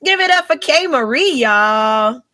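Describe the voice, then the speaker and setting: A woman's voice: high-pitched, expressive, a little slow, pushed and bright, no room sound, studio quality. A young adult woman hosting a casual live podcast, upbeat and teasing, laughing often. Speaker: podcast host.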